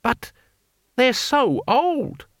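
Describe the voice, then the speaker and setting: Man voicing a fretful high tax gatherer. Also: animated, normal speed, bright, forceful tone, no echo, clean studio sound, exaggerated voice. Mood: alarmed. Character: anxious fussy male tax gatherer.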